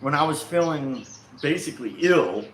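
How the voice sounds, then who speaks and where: A man casually telling a personal travel story, rambling and animated with frequent self-corrections. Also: fairly high pitch, moderate pace, a little hiss or hum. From United States. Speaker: vlog host. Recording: roomy echo with faint outdoor ambience and birds.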